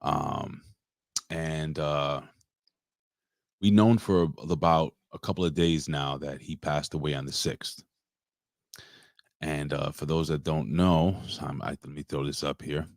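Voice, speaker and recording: A man co-hosting a casual livestream, talking in an emotional, rambling, halting way. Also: extremely low pitch, steady tone, gravelly, dry recording, clean studio sound. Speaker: co-host.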